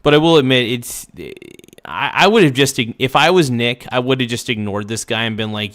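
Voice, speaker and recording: A man's voice: medium pitch, fairly quick, fairly bright tone. A man hosting a casual reaction livestream, rambling loosely and swearing freely. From Oregon.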